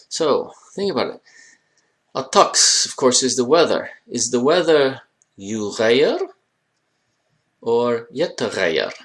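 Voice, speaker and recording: A man teaching an Arabic grammar lesson, joking and speaking straight to his students. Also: medium pitch. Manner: jokey, addresses students directly, animated emphasis. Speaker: Arabic language instructor. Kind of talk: classroom lecture.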